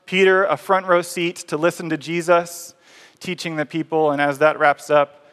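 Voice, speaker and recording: A man's voice: a little high, flat delivery, moderate pace, a bit bright. A man preaching a sermon, telling the story conversationally and acting out scenes. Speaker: pastor. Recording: reverberant hall.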